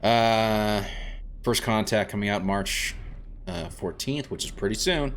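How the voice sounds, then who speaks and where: A man's voice: fairly low pitch, a little slow, fairly bright tone, slight background noise. A man streaming a game, chatting casually with viewers and rambling a bit. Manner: chatty, rambling, restarts, answers chat. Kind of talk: casual let's-play chat.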